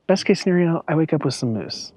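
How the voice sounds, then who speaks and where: A man's voice: fairly high pitch, animated, quick pace, noisy background. Chatty self-mocking man camping. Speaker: vlogger. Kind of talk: casual vlog chat. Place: camping in a truck bed outdoors.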